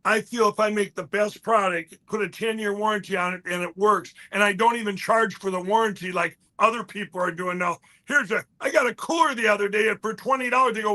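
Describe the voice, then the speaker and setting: A man pitching his products in a casual chat, rambling with halting restarts and fillers. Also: bright, forceful tone. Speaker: guest, company founder.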